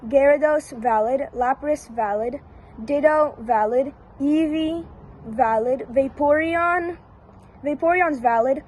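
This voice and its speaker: A woman giving casual one-word verdicts down a long list, flat and repetitive with brief hesitations. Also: high voice, poor audio. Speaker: YouTuber.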